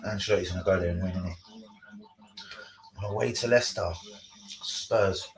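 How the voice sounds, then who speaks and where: A man hosting a casual live stream, sweary and excitable, talking to his chat about football. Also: low voice, moderate pace, echoey room, poor audio.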